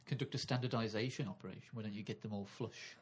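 A man's voice: on the low side, fairly even intonation, fast, husky. A man co-hosting a casual comedy podcast, joking around and laughing often. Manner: jokey, laughs often, puts on silly voices. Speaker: podcast co-host.

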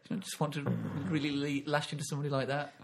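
A man's voice: on the high side, completely flat delivery. A man trading crude, sardonic jokes in a casual comedic chat. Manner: sardonic, crude, quick to joke and laugh.

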